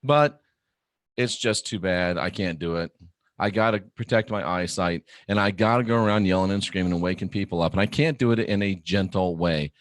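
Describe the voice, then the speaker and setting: A middle-aged man hosting a live online talk show, talking bluntly and animatedly, sometimes breaking into loud mock shouts. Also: low voice, normal speed, dry recording, clean studio sound. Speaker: host.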